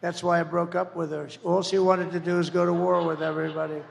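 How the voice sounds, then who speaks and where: A man in his seventies giving a rambling, boastful campaign rally speech, repeating himself and breaking into shouts. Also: high voice, flat delivery, fast talker, creaky, long reverb tail. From United States. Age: 70s. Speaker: political candidate.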